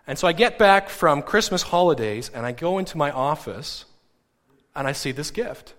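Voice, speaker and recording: A middle-aged male pastor telling a story in a sermon, animated and acting out the people he quotes. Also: on the high side, moderate pace. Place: church. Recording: long hall reverb.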